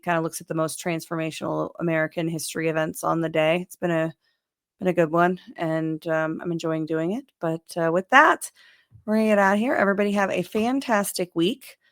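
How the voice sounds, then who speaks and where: A woman's voice: lowish voice, fairly bright tone, clear, resonant tone, no room sound, clean studio sound. A woman hosting a casual political chat show over a video call, talking emphatically and pushing back in debate. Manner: emphatic and argumentative. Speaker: show host.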